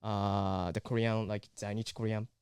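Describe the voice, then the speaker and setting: A man from Japan, a native Japanese speaker, talking in English with a Japanese accent as a podcast guest, halting and full of "you know" fillers. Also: on the low side, flat delivery, darkish tone, clear, resonant tone, dry recording. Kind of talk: casual chat.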